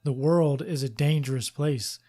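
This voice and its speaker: A man voicing a huge male iron lion automaton in a game, with a slow, grating, threatening rumble. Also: mellow, close to an everyday voice. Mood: menacing.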